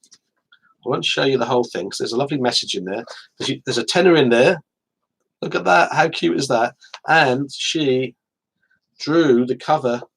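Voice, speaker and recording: A man's voice: medium pitch, vocal fry, husky, poor audio. A chatty English man in his forties, talking casually to viewers on a live stream from home. He rambles and restarts his sentences, with a self-deprecating humor. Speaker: author hosting a live stream.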